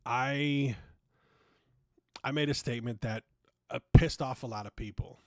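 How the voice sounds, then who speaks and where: A man's voice: mid-range voice, steady tone, measured pace, darkish tone, no echo, clean studio sound. A man hosting a podcast, ranting casually and sarcastically, swearing freely and often restarting his sentences. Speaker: podcast host.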